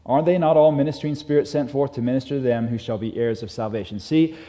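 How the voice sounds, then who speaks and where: A man's voice: medium pitch, quick pace, dark tone. A man preaching a sermon, emphatic and repeating his key phrases, reading scripture aloud to a congregation. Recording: long hall reverb.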